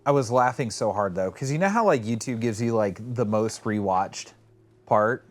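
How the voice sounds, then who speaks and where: A man co-hosting a podcast in casual chat, telling stories in a rambling, animated way and acting out quotes with swearing. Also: lowish voice, normal speed. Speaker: podcast co-host.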